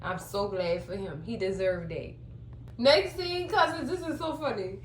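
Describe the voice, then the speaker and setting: A woman vlogger in the mid-range, speaking unhurriedly, casually recaps a TV episode and theatrically voices the characters' lines. Echo and a faint hum fill the recording.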